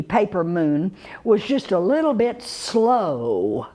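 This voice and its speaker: An older woman with a Texan drawl speaks slowly and in an unhurried way. She tells her stories in a folksy manner, chuckling and pausing on fillers as she goes. Her voice sits at a middle pitch. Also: sing-song, mellow. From Texas. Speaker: actress telling her career story. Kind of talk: unhurried storytelling to a live audience.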